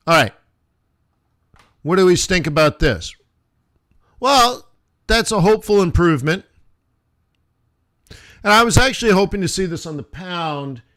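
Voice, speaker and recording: A man's voice: a little high, fairly bright tone. A man hosting a live trading stream, talking in a rambling, chatty way and checking in with his viewers. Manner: rambling, chatty, lots of "like" and "right?". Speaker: forex trading stream host. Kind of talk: casual live-stream chat.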